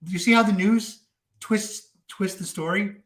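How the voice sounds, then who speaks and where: A man giving casual political commentary to his viewers, animated and chatty with many fillers and repeats. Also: high voice, a little slow, echoey room.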